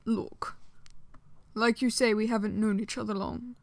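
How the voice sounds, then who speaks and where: Woman doing a blunt gruff guy, flat and short, dry close mic. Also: a little high, measured pace, no room sound. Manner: flat, neutral, terse. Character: gruff, blunt, laconic man.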